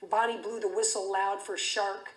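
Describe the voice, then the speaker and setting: A woman's voice: medium pitch, steady tone, moderate pace. A woman giving a keynote speech, telling an intense story vividly with frequent restarts. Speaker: keynote speaker. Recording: roomy echo.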